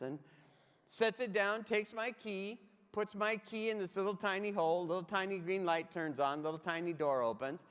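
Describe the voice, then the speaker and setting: A man's voice: sits high, moderate pace, fairly bright tone, clear, resonant tone. A man giving a humorous keynote talk, telling comic anecdotes and speaking straight to his audience. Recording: long hall reverb.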